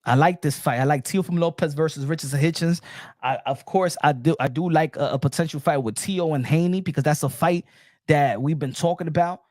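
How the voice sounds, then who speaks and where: A man giving an opinionated casual boxing monologue, repeating phrases and getting louder as he gets worked up. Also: fairly high pitch, brisk, dry recording, studio quality. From New York. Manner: animated, repeats phrases, rising to shouts when worked up. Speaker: boxing commentator.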